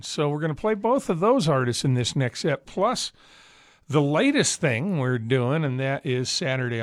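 Male radio DJ, mid-pitched, casual and rambling, close dry studio mic. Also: dry recording. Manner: chatty, rambling with fillers. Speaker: radio host.

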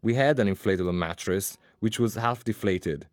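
A man reading a translated voice-over in a plain, steady way. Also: fairly low pitch, normal speed, dry recording, studio quality.

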